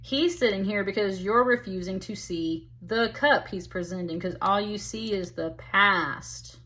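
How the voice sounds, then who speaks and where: A woman's voice: medium pitch, unhurried, bright, forceful tone. A woman giving a casual, chatty tarot reading, talking straight to the listener and calling them honey. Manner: chatty, emphatic, calls the listener honey and baby. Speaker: tarot reader.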